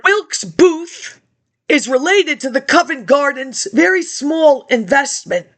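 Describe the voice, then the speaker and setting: A woman's voice: sits high, lively intonation, measured pace. A woman talking in a rambling monologue into a laptop webcam, jumping between topics and reading old documents aloud.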